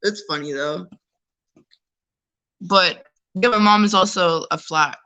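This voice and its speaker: A woman from New York City chatting casually as a caller, rambling and animated. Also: lowish voice, takes it slowly, long pauses, clean tone. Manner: rambling, animated, acts out other people's voices. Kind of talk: casual chat.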